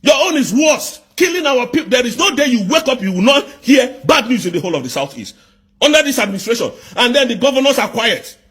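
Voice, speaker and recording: A man with a very high, husky voice. He rants angrily about politics, firing off repeated rhetorical questions and breaking into shouts. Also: very animated, fast talker. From southeast Nigeria. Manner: fiery, repetitive rhetorical questions, bursts of shouting. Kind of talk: angry political rant.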